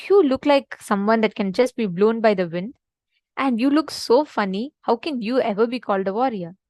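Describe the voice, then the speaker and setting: A woman voicing a calm, wise old male Zen master in a spoken teaching story, quiet and gently teasing. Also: on the high side, moderate pace, dry recording, studio quality, lightly acted. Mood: mocking.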